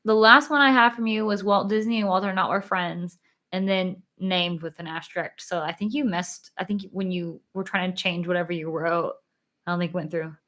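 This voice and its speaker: This livestream host is a young woman whose fairly low, bright-toned voice stays steady as she speaks a little quickly. Reading viewer comments in a chatty, giggly way, she leans on fillers like "like" and seems slightly worn out.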